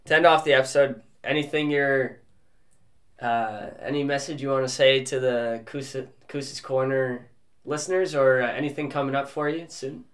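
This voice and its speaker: A man's voice: mid-range voice, steady tone, normal speed. Guy hosting a podcast, easygoing, mostly short replies. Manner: brief encouraging interjections. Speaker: podcast host. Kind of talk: casual interview chat.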